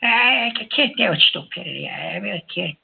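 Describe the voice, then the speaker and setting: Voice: mid-range voice, lively intonation, fairly quick, creaky, breathy edge, exaggerated voice. A performer voicing a hot-tempered uncle who hosts a call-in show and scolds and hangs up on callers. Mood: ranting. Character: excitable Italian-American uncle, a man. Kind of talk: prank call-in radio banter. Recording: tinny phone-line sound.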